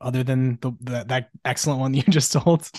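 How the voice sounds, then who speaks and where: A man's voice: mid-range voice, steady tone, brisk, warm tone, no echo, clean studio sound. A young man co-hosting a podcast, eagerly asking questions and laughing along in casual interview chat. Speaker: podcast co-host.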